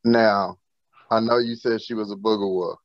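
A man's voice: on the low side, fairly even intonation, moderate pace, no room sound, muffled recording. A man co-hosting a podcast, teasing and laughing through profane banter. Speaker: podcast co-host. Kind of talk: casual chat.

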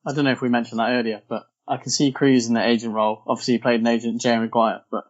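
Male co-host, quick and eager, quotes film lines; muffled lo-fi sound. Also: mid-range voice, flat delivery. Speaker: podcast co-host. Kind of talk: casual film discussion. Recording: dull lo-fi podcast audio.

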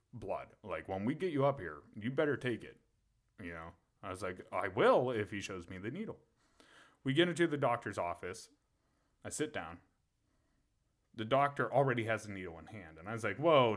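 A Pennsylvania man co-hosting a podcast tells a story casually and profanely, laughing often. His voice is lowish with a fairly bright tone.

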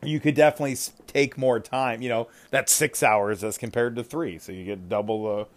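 A man hosting a casual podcast chat, talking in an animated way with frequent fillers and exclamations. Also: mid-range voice, brisk.

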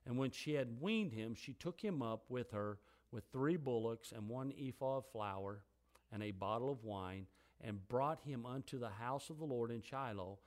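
A man delivering a sermon in a mid-pitched voice. He reads scripture softly and low, then rises in pitch and volume when he applies it to his listeners. His delivery swings between calm reading and fervent preaching.

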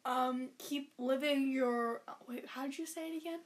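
A woman's voice: high-pitched, normal speed. A woman co-hosting a casual podcast with her siblings, chatting in a teasing way. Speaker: co-host sister. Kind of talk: casual chat.

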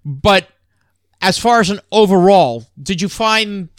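A man's voice: sits high, lively intonation, measured pace, clean tone, no echo, studio quality. A man co-hosting a podcast in casual chat, hesitant with fillers and full of trivia. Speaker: podcast co-host. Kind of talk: casual chat about old sitcoms.

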